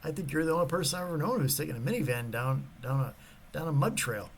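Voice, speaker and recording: A man's voice: a little high, animated, fast, a little hiss or hum. A man quoting a blunt tow truck driver who teases him in disbelief. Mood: teasing. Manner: teasing and disbelieving.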